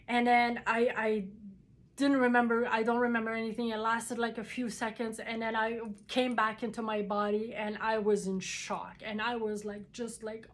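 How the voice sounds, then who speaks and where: Woman talking thru a story, lots of ums and restarts, voice a bit high. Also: level tone. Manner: halting, many fillers and restarts. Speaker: vlogger telling a personal story. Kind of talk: casual personal storytelling.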